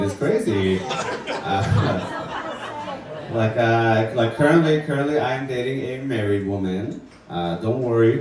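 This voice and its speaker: A man doing a wry, offhand stand-up set in a basement comedy club. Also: mid-range voice. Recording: echoey room from far off, noisy.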